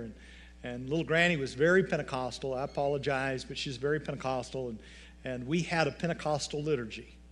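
A man's voice: medium pitch, a little hiss or hum. A male pastor preaching a sermon, telling folksy stories with humor.

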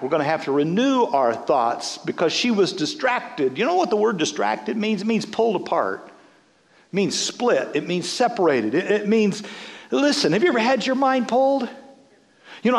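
A high, lively male voice preaching in a big church hall, the sound trailing off in a long reverb. He is a middle-aged pastor who jokes, laughs and restarts his sentences as he goes. His pitch swings widely from line to line. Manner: animated, joking preacher with laughs and repeated restarts. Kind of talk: sermon.

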